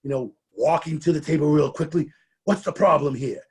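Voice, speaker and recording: A man's voice: fairly high pitch, a little fast, breathy edge. A middle-aged man giving a conversational training presentation, often restarting and repeating words as he talks.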